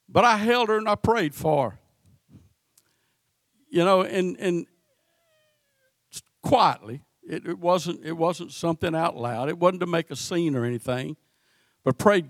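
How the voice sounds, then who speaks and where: A man's voice: high voice, animated, no echo, studio quality. A man preaching a sermon, stumbling and repeating words as he goes. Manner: halting, repeats words often. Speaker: pastor.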